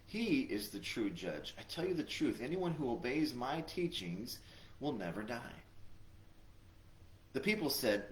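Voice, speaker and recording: A man's voice: mid-range voice, big pitch swings, a little slow. A man teaching a Bible study lesson in a conversational way, often checking in with "right?". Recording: echoey room.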